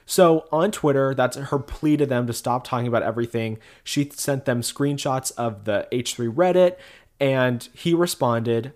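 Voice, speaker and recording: A man's voice: mid-range voice, measured pace, a little mellow. A man co-hosting a casual podcast, recapping online drama and filling his talk with "like". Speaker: podcast co-host. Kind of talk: casual chat.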